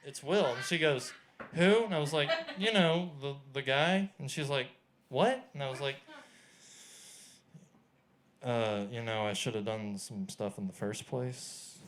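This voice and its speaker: A man doing a stand-up set at a small comedy show, telling a self-deprecating story in a deadpan way. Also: medium pitch, measured pace, a little hiss or hum.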